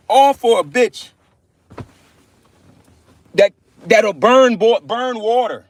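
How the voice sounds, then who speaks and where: High-voiced man, scornful profane preacher ranting on a livestream, dry close sound. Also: takes it slowly, pauses often, dry recording. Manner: scornful, profane, quotes scripture.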